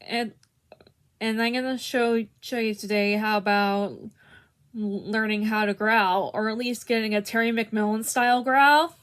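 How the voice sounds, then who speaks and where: A woman's voice: fairly high pitch, steady tone, measured pace, a bit bright. A young woman giving a casual harmonica tutorial, hesitant, with many restarts and fillers. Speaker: harmonica teacher.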